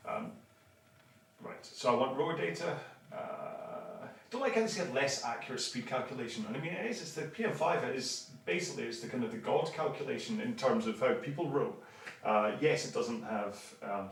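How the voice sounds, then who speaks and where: A man's voice: medium pitch, expressive, moderate pace, creaky, slight background noise. A man in his fifties hosting an online rowing class, chatting casually and rambling with many restarts. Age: 50s. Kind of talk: casual livestream chat. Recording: roomy, mic at a distance.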